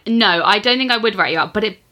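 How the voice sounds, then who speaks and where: A woman co-hosting a podcast who reads a listener's story aloud, animated and often breaking into giggles. Her voice is bright and clear, sitting at an ordinary pitch. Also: fast talker. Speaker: podcast co-host. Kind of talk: casual chat and reading a listener's story aloud.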